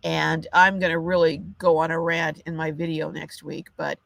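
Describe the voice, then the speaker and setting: A woman's voice: sits low, normal speed, vocal fry, no echo. Older lady on a livestream, fired-up rant, dry close sound. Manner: indignant, animated ranting. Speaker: livestream host. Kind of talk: casual livestream chat.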